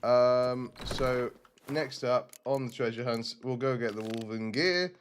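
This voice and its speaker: A man's voice: medium pitch, measured pace, a little hiss or hum. A man streaming a role-playing game, chatting casually and rambling with self-mocking asides.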